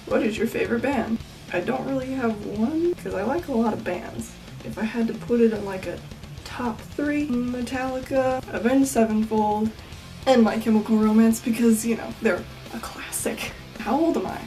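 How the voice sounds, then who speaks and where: Deadpan eighteen-year-old woman, off-mic. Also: a little high, moderate pace, recorded from a distance, soft background music, poor audio. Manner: deadpan, self-mocking jokes, drops to whispers. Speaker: vlogger. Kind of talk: casual Q&A vlog. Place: home bedroom at night.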